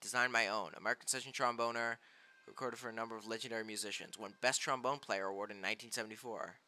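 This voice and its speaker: A young man streaming a game live, reading cards aloud and reacting excitably, often yelping loudly in dismay. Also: on the low side, fast talker.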